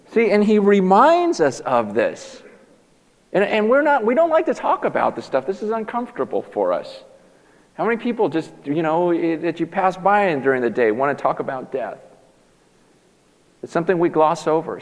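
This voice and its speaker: Man, pastor, emphatic sermon, fairly high voice, long hall reverb. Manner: emphatic, animated preaching with frequent restarts.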